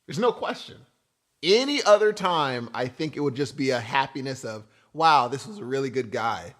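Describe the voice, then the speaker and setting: A man co-hosting a podcast, giving opinions in animated casual banter. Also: medium pitch, normal speed. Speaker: podcast co-host. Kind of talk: casual chat.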